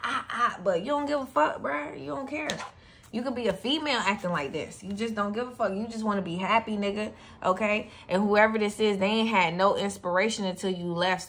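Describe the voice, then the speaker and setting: A woman's voice: mid-range voice, a bit bright. A woman with a Southern US accent giving a casual tarot reading, blunt and profane, laughing often. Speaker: tarot reader.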